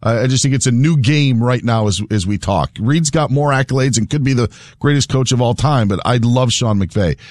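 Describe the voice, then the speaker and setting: A man's voice: medium pitch, moderate pace, darkish tone, dry recording, clean studio sound. A man co-hosting a sports talk show, giving opinions in casual debate and restarting sentences often.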